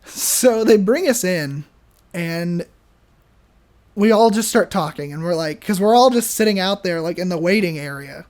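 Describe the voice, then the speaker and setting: A young adult man co-hosting a podcast, telling a story in an animated, casual way full of fillers and restarts. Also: sits high, moderate pace. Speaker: podcast co-host.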